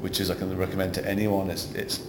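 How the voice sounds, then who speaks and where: Speaking quickly in a low voice with a Glaswegian Scottish accent, a man from Scotland appears as an actor guest in a casual interview, rambling through anecdotes and growing animated with each story. There's a roomy echo, music behind, and a noisy background.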